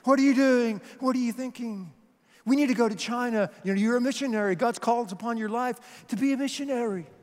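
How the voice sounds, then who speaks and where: A man's voice: very high-pitched, fairly quick, darkish tone, in a large hall, voice pushed up. A man voicing an earnest young Scottish woman who urgently pleads with her brother, in a put-on Scottish accent.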